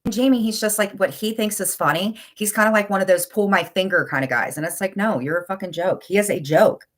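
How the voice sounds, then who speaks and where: A woman's voice: mid-range voice, fast. A middle-aged woman with a blunt, insulting, exasperated manner, ranting in casual chat on a livestream. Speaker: livestream commentator.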